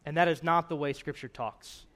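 A man delivers a sermon in a relaxed, conversational way, with a voice sitting a bit higher than most men's. He keeps checking in with his listeners and leans into the scripture he reads aloud, lifting his emphasis as he goes. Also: moderate pace. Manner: earnest, conversational, frequent "right?" asides. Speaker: preacher.

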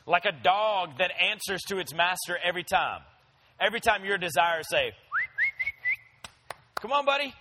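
High, bright-voiced pastor preaching. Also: male voice, low-quality recording. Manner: conversational, storytelling, addresses listeners directly. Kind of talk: sermon.

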